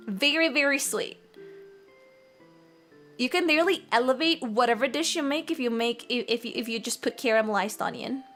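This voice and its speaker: High-voiced chatty young woman streamer. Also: bright, forceful tone. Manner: chatty, giggly, rambling with frequent laughs. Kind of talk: casual cooking stream chat.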